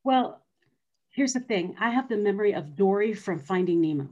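A woman's voice: mid-range voice, expressive, normal speed, dark tone, muffled recording. A middle-aged woman earnestly telling her personal story as an interview guest. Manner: earnest, acts out quoted voices.

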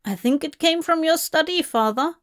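A woman's voice: high-pitched, voice pushed up, lightly acted. A woman voicing a timid young man who speaks nervously to his father. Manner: timid, hurried.

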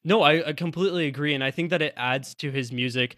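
A man's voice: on the high side, quick pace, a bit bright, no room sound. A man who co-hosts a college radio podcast, chatting loosely about music with lots of fillers and restarts. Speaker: college radio sports director and podcast co-host.

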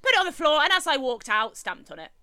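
A woman co-hosting a podcast, telling a story in casual chat with an animated, indignant manner. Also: high-pitched, fast talker, crowd noise. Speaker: podcast co-host.

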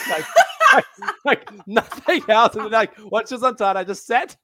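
A man's voice: high voice, animated, moderate pace, bright, forceful tone. A young man on a video call with headphones, telling a candid story with a lot of laughing and self-mockery. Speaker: podcast guest. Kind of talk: casual candid chat.

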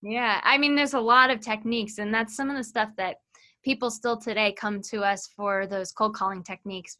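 A woman with a bright, crisp voice explains sales technique as an interview guest. She is chatty and explanatory and tosses in quick asides. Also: medium pitch. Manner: chatty, demonstrates phone tonality with quick asides. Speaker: sales training consultant.

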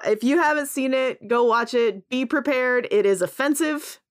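A woman's voice: sits high, moderate pace. A woman in a casual podcast chat, animatedly retelling a film and acting out quoted lines between laughs.

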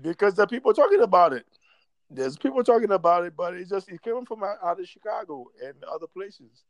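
A man's voice: sits high, expressive, fairly quick, dry recording. A man in casual chat who talks in a rambling, profane way and laughs often.

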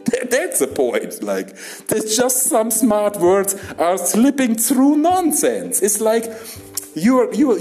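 Young man, stand-up comic, rambling monologue, non-native halting English, giggly, mellow tone, lively pitch. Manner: giggly, laughs between lines, keeps asking "yeah?". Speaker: stand-up comedian.

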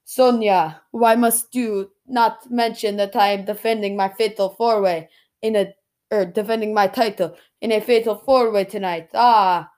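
A man's voice: high-pitched, steady tone, measured pace, a little mellow. A man putting on an attempted Nigerian accent to voice an indignant male wrestling champion, stiff and formal.

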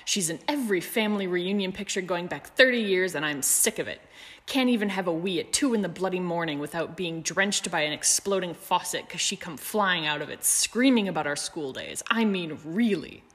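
A woman voicing an indignant old woman who rants loudly about being haunted, in a reverberant room. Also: on the low side, lively intonation, moderate pace. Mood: raging. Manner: ranting, loud and indignant.

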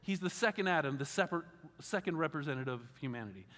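A man pastor preaching a sermon in a conversational, animated way with wry asides. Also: fairly high pitch, rapid-fire. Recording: long reverb of a large hall.

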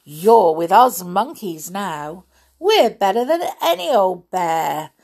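A woman voicing a band of mischievous wild monkeys, with a gleeful, teasing, drawn-out delivery. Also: mid-range voice, very animated, creaky, a little mellow, heavily acted.

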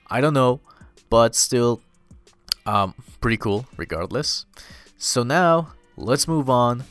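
A man's voice: fairly low pitch, fairly bright tone, clear, resonant tone. A man casually recapping a manga chapter, loose and rambling, full of fillers and "dude".

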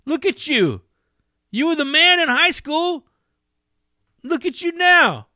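A man voicing a jeering young man who taunts a former classmate with loud, mocking insults. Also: very high voice, sing-song, slow pace, dry recording, clean studio sound, pitched above the performer's own voice, exaggerated voice.

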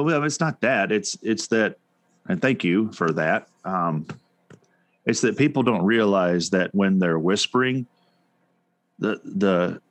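A podcast co-host with a fairly low voice talks in a rambling way on a casual chat show, full of restarts and fillers. The recording is dry.

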